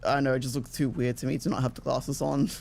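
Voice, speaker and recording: A man's voice: mid-range voice, little pitch movement, quick pace, creaky, darkish tone, a little hiss or hum. A man streaming a game, chatting casually, rambling and self-deprecating, swearing freely and laughing often.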